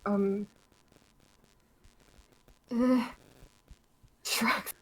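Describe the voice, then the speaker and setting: A woman player describing her character's actions in a tabletop game, unhurried and amused. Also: mid-range voice, steady tone, low-quality recording.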